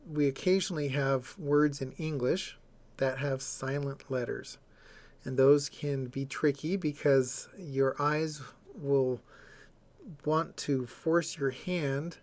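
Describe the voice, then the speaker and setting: A man's voice: medium pitch, darkish tone. A man giving a recorded lecture, explaining step by step and sounding out example words.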